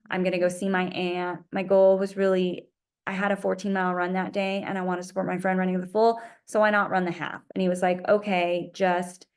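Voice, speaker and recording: A woman vlogs casually to camera about her running. Her voice sits a little low, and she talks in a chatty, animated way, full of "like" and "um". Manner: chatty, animated storytelling with many fillers. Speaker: running vlogger.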